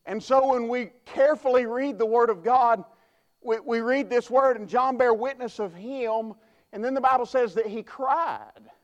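A man preaching a sermon in a notably high voice. He is folksy and emphatic, often restarting his words as he drives a point home. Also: moderate pace, dull audio. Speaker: pastor.

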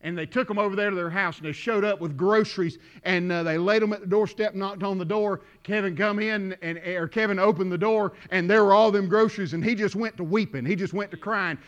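Man, sermon, folksy storyteller, high pitched, muffled lo-fi sound. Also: fairly even intonation, brisk, few pauses. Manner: folksy storytelling, builds to shouting. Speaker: pastor.

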